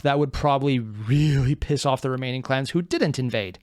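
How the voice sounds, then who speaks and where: A man hosting a reaction video, talking in a rambling, excitable way with joking asides. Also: medium pitch, a little fast, dry recording, clean studio sound. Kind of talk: casual reaction commentary.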